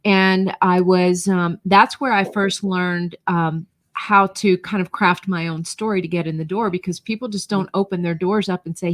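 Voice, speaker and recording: A woman's voice: fairly low pitch, fairly even intonation, normal speed, few pauses, dry recording. Middle-aged woman guest with a barely-there Southern accent; easy, laughing storyteller, dry close mic. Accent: faint Southern US, mostly neutralized. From North Georgia, USA. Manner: chatty storyteller, laughs easily. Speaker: guest, brand coach and podcast host. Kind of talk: conversational interview.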